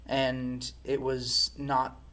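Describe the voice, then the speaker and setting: A man's voice: medium pitch, completely flat delivery, extremely slow, sharp tone. A man speaking as an interview guest, giving a candid personal testimony in a reflective, frank way.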